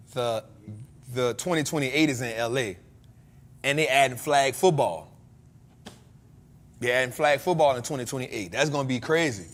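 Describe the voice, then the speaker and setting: An American man hosting a casual chat, joking and breaking into loud exclamations. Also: mid-range voice. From United States. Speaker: podcast host.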